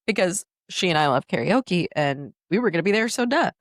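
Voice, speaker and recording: A woman hosts a relaxed podcast conversation. She laughs easily and tells her stories with animated energy. The sound is dry and close, with no room echo. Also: on the low side, fairly quick. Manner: giggly, animated storyteller. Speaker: podcast host. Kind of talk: casual chat.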